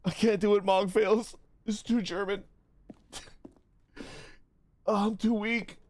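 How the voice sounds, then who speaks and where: A streamer chatting casually on a live stream while gaming, with loud groaning outbursts and halting reading aloud. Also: mid-range voice, flat delivery.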